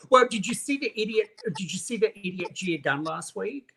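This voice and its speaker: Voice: mid-range voice, a little fast, pushed and bright. A guest costume maker chatting casually and gossiping, telling a long story and quoting others, often calling people honey. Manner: acts out others' lines in quotes. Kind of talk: casual chat.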